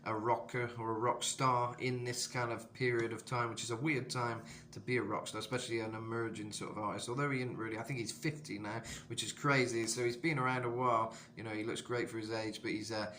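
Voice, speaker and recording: A man's voice: level tone, brisk, hardly any pauses, a bit bright, slight background noise. A British man in his twenties, chatting loosely through a vocal tutorial, with lots of fillers and asides. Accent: British English. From England. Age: 20s. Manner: rambling, filler-heavy, breaks into high falsetto demos. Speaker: vocal coach.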